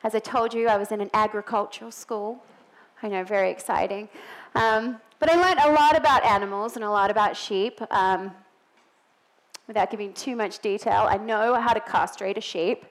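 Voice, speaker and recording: A woman's voice: medium pitch, moderate pace, rough recording. A middle-aged woman with a non-American English accent, preaching a sermon in a church in a chatty way with joking asides.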